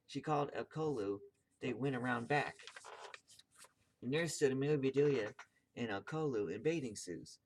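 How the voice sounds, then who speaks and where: Man reading a kids' book aloud; halting, self-correcting. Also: mid-range voice, animated, a little hiss or hum. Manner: stumbles and corrects himself. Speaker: video host reading aloud.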